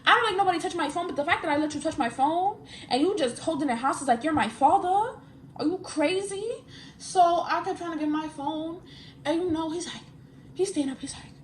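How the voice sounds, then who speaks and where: A woman's voice: very high voice, expressive, moderate pace, pauses often, a little hiss or hum. A young woman, telling a storytime in casual, slangy chat and repeating phrases for emphasis. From New York. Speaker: vlogger. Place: at home, getting ready.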